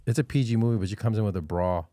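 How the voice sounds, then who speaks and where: A man's voice: on the low side, racing, warm tone, dry recording, clean studio sound. A man in his thirties, a podcast co-host, chatting casually and telling stories about his kids with acted-out voices. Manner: storytelling, acts out his kids' voices. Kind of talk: casual chat.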